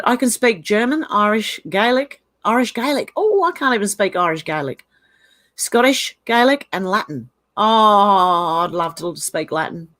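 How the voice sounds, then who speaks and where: A woman's voice: mid-range voice, fairly bright tone. Chatty Australian woman reading live chat. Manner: chatty, reads chat messages aloud, laughs often. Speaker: livestream host reading viewer comments.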